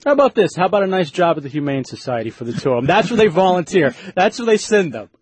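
High, lively-voiced male radio host. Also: quick pace, breathy edge, no room sound. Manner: crude joking, laughs at own lines. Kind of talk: casual radio banter.

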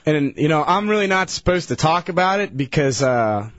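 A man's voice: on the high side, lively intonation, normal speed, a bit bright, no echo. Tired rambling man on the radio. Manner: rambling, hesitant, restarts sentences. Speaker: regular guest recounting a story. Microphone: studio radio mic. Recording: dull dry radio broadcast.

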